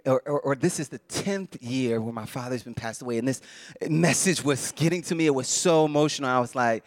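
A man preaching a sermon, heartfelt and emotional, often restarting his phrases and chuckling, moving between soft, low passages and louder bursts. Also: brisk, no room sound.

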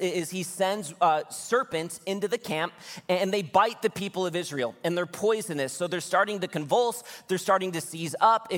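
A man preaching a sermon as pastor, earnest and exhorting in quick bursts. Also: a little high, fairly bright tone, big-room sound.

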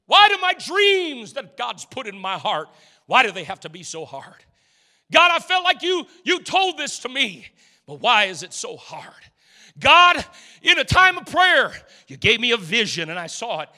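A man's voice: very high-pitched, huge pitch swings, moderate pace, bright, forceful tone, big-room sound. A man preaching a fervent, exhorting sermon in a church, calling out to the congregation. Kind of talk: energetic sermon.

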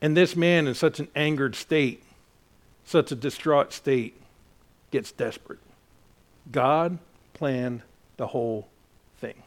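A man preaching a sermon, swinging from hushed asides to loud, impassioned exhortation and talking directly to his congregation. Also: mid-range voice, takes it slowly, long pauses. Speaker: pastor.

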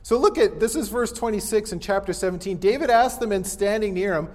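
A man's voice: high voice, expressive, brisk, hardly any pauses, darkish tone, big-room sound. A man giving a casual, conversational sermon and briefly acting out the Bible characters he quotes. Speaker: pastor.

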